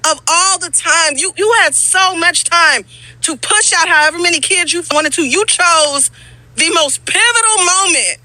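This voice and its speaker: A woman's voice: very high voice, bright, forceful tone, no room sound, low-quality recording. A woman co-hosting a podcast, ranting bluntly and profanely in a scolding tone. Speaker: podcast co-host. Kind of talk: podcast rant.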